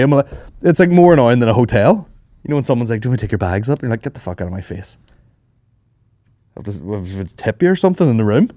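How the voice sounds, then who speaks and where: A man with a low voice chats on a podcast, swearing freely and acting out the people in his stories. The sound is close and dry, with no room around it. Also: dry recording. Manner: swearing, animated storytelling with mimicked voices. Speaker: podcast host. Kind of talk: casual chat.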